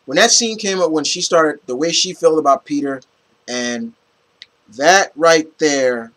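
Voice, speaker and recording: A man giving a casual, rambling movie review, animated and full of restarts and fillers. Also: fairly high pitch, measured pace, poor audio.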